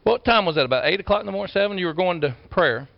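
A man preaching a folksy storytelling sermon, swinging from loud bursts to quiet asides. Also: sits high, animated, racing, creaky, no room sound. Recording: dull lo-fi sound.

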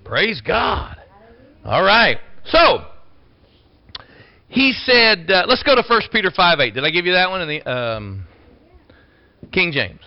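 A man preaching with a high voice that swings widely, leaping from low, quiet asides to shouted calls. His delivery is animated and exclamatory. The recording sounds slightly dull and lo-fi. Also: a little slow, long pauses, dry recording. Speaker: pastor. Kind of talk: sermon.

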